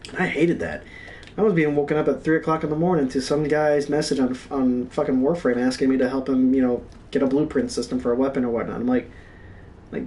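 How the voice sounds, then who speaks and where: A man's voice: medium pitch, quick pace, far from the mic, slight background noise. Profane young man telling gaming stories. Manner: profane, animated, reenacts his own yelling. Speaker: stream co-host. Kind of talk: casual storytelling.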